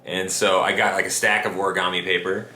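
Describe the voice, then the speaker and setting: Low-voiced man, casual rambling. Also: fairly quick. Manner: relaxed rambling with fillers and restarts. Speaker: vlog co-host. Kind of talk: casual chat. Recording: echoey room, faint noise.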